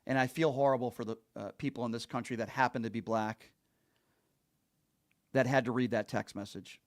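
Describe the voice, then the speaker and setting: A man's voice: medium pitch, steady tone, fairly quick. A man hosting a call-in talk show, speaking earnestly and emphatically and repeating his points for stress.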